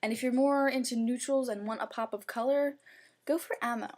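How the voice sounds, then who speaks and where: A woman's voice: on the high side, steady tone, a little fast, a little mellow, slight background noise. A young woman talking through her makeup in a casual review, gushing and chatty, with lots of "like" in her speech. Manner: gushing, chatty, heavy use of "like". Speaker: beauty vlogger.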